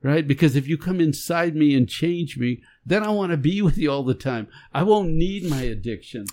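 A man's voice: a little high, expressive, normal speed, darkish tone. A man co-hosting a faith podcast, talking earnestly and emphatically in a casual conversation. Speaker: podcast co-host.

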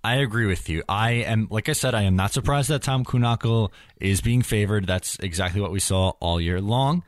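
Man, low voice, hosts hockey chat, quotes stats, dry close sound. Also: moderate pace, dry recording. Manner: steers the talk, cites stats. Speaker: hockey podcast host. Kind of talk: casual sports chat.

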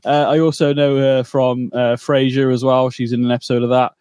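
A man's voice: mid-range voice, flat delivery, fairly quick, darkish tone, smooth, no echo. A man co-hosting a podcast in casual chat, rambling and bantering with mock outrage. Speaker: podcast co-host.

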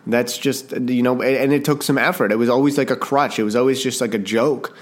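This Canadian podcast host, who is also an author, talks solo in a casual, fairly quick manner with a medium-pitched, steady voice. He rambles, mocks himself, frequently restarts sentences, and apologizes often, all with a jokey edge.

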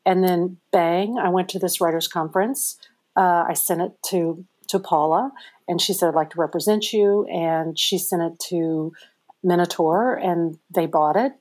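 A middle-aged woman, an author being interviewed, telling her story in a chatty, animated way with many fillers. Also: fairly low pitch. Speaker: author guest. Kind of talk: conversational interview answers.

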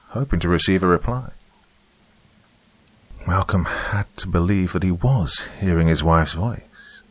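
A man's voice: low-pitched, very animated, normal speed, fairly bright tone, no room sound. A man narrating a scripted horror story with dramatic delivery, dropping to a whisper for tense moments.

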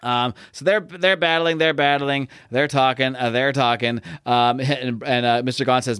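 A man's voice: mid-range voice, fairly even intonation, moderate pace, hardly any pauses, fairly bright tone, clean tone, no echo, clean studio sound. A young man casually recapping a comic with his co-host, rambling with many fillers and restarts as he reads out lines. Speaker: podcast co-host discussing comics.

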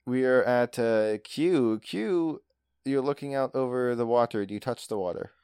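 Smooth-voiced male game master. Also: mid-range voice, normal speed, mellow, no echo, studio quality. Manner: laughs often, casual with fillers. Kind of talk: narrating a tabletop game.

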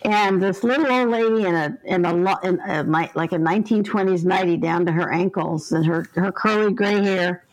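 A woman's voice: on the low side, normal speed, hardly any pauses, poor audio. An older woman, a guest on an interview podcast, telling stories in an earnest, vivid way and acting out the voices in them. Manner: earnest, vivid storyteller who acts out the voices in her stories. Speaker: interview guest, ghost helper.

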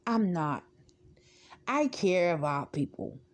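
A woman's voice: fairly low pitch, very animated, takes it slowly. A woman hosting a podcast, talking straight to her listeners in a blunt, outspoken, rambling way. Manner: blunt, outspoken, swears freely. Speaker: podcast host. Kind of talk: casual podcast monologue.

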